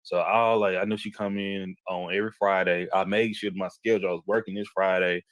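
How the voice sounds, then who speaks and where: A man with a fairly low voice tells a story in casual talk, full of restarts and sudden jumps in pitch. The sound is dry and close, with no room around it. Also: brisk, dry recording. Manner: animated, repeats himself, jumps into quoted voices. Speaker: podcast host telling a story.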